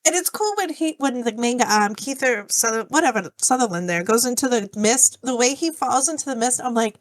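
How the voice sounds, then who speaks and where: A woman's voice: on the high side, lively intonation, a little fast, dry recording. A woman co-hosting a podcast, chatting casually about a film, filling her talk with "like" and small laughs. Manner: chatty, giggly, lots of "like". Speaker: podcast co-host. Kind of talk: casual film review chat.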